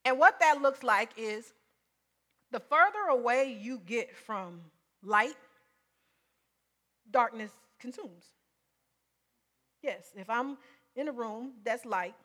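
A woman's voice: fairly high pitch, sharp tone. A woman preacher giving a sermon in an emphatic, conversational way, often repeating her points.

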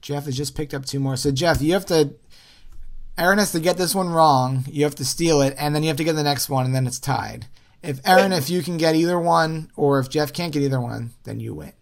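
Chatty male quiz host, slightly high. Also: a little fast, vocal fry. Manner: chatty, thinks aloud while running the quiz. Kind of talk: casual quiz podcast chat.

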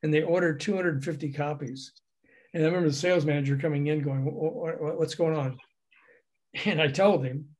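An older man from the American South, telling anecdotes in an interview and acting out the people in them. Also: fairly high pitch. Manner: animated, acts out the voices in his stories, laughs often. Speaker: guest recounting a music industry career.

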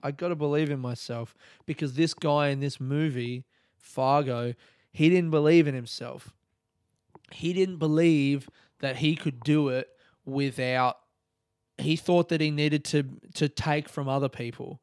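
A man's voice: on the high side, steady tone, measured pace, a little mellow, smooth, no echo, studio quality. A young man hosting a podcast, talking on his own in a rambling, candid way and swearing freely. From Australia. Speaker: podcast host. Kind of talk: casual solo podcast monologue.

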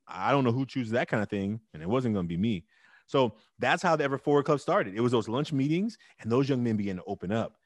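A middle-aged man telling his story as an interview guest, emphatic and animated with loud bursts. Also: mid-range voice, no room sound. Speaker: interview guest, teacher and club founder.

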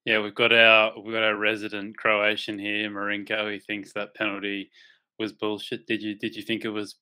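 A man's voice: lowish voice, completely flat delivery, normal speed, bright, forceful tone, clean tone. An Australian man hosting a live sports betting podcast in a laid-back, joking way, swearing now and then. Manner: laid-back, swears freely, laughs often. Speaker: podcast host. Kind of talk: casual sports betting chat.

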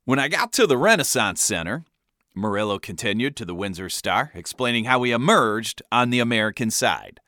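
A man hosting a comedic storytelling monologue with a wry, animated delivery. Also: mid-range voice, a little fast, dry recording, studio quality. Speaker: podcast host.

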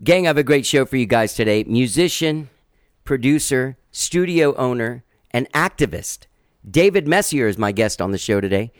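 A male podcast host talks in a loose, rambling monologue, drifting into a laid-back drawl and restarting his sentences. His mid-pitched voice sits close to the mic in a dry, dead room with no echo. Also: animated, moderate pace. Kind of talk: casual monologue introducing a guest.

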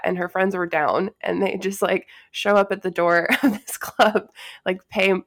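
A mid-pitched woman co-hosting a podcast, with a slightly gravelly voice. She tells stories in casual chat and laughs often. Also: moderate pace. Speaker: podcast co-host.

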